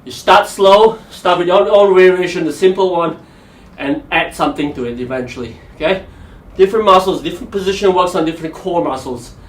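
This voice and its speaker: A man's voice: high-pitched, a little fast. Guy hosting a golf fitness stream, pumped and pushy, roomy echo. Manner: energetic, motivational, pushes through exercise while talking. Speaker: golf fitness coach and show host. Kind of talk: live-streamed workout and golf tips.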